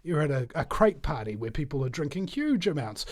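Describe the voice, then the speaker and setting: A man's voice: on the high side, big pitch swings, fairly quick, no echo. Rambling New Zealand man, dry sound. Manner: digressive, anecdotal storytelling. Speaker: podcast guest. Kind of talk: casual interview chat.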